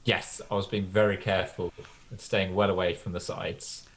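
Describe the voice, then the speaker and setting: A man's voice: low-pitched, flat delivery, normal speed. A man playing a tabletop role-playing game, speaking in a dry, polite way. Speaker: player.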